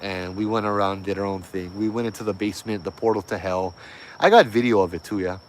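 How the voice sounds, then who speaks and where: A man's voice: fairly low pitch, quick pace, a little hiss or hum. Laid-back man telling a ghost story. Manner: laid-back, animated retelling with slang and fillers. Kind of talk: casual storytelling.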